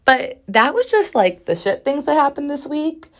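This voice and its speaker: A woman's voice: high-pitched, big pitch swings, moderate pace. A woman in her twenties hosting a casual solo podcast, chatty and sassy, with many "like" fillers. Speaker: podcast host.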